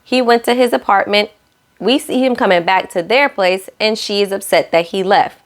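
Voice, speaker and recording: A young woman recaps a reality dating show in a casual, sassy way, talking straight to her audience. Her voice sits in an ordinary middle pitch. She breaks into quick acted voices when she quotes what the cast said. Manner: sassy, talks straight to viewers; acts out cast lines in shifting voices.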